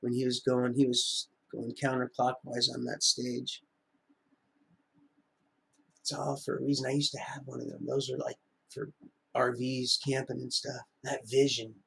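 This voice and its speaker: A man's voice: mid-range voice, little pitch movement, measured pace, creaky, fairly bright tone, breathy edge. A middle-aged man rambling through a live-stream monologue, often wandering off topic. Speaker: livestreamer.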